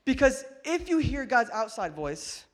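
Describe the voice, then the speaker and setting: A man preaching a sermon as pastor, animated and joking, swinging between loud bursts and hushed asides. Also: extremely high pitch, measured pace. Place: church hall with congregation.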